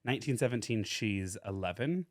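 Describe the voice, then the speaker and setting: A man's voice: fairly low pitch, lively intonation, normal speed, no echo, clean studio sound. A young American man casually telling a true-crime story as a podcast co-host, full of "like" fillers. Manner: chatty, lots of "like" fillers and laughter.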